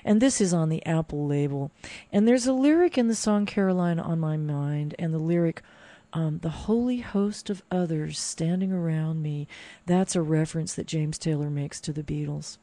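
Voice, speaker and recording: A woman's voice: sits low, normal speed, mellow, dry recording. Chatty, enthusiastic female music host. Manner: chatty and enthusiastic, loose with fillers. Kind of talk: casual radio storytelling.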